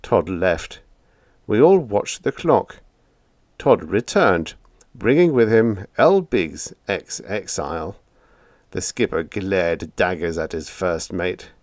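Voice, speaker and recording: A man with a fairly low voice reads a humorous story aloud, wry and lively in his delivery. His pitch moves a lot as he tells it. The recording is close and dry. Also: slow, no room sound. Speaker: audiobook narrator. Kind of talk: humorous audiobook narration.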